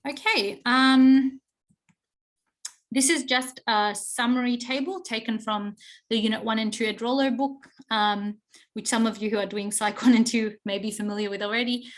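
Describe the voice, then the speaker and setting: A woman's voice: a little high, fairly even intonation, normal speed. Woman teaching with frequent "okay?" check-ins. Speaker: psychology teacher. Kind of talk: recorded online class lecture.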